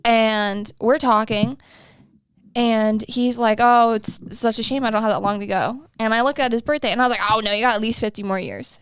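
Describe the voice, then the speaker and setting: Her voice is a little high and fairly bright, steady in tone at normal speed, and cleanly recorded with no room sound. She is a roughly thirty-year-old podcast co-host who laughs, chats casually, and performs the dialogue in the stories she tells.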